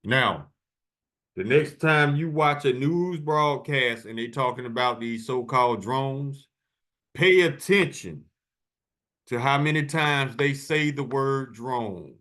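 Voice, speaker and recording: An emphatic male host talks over video clips in a loose, preachy style, leaning hard on certain words and repeating them. His pitch sits at an ordinary middle height for a man. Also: expressive, slow pace, fairly bright tone. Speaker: channel host.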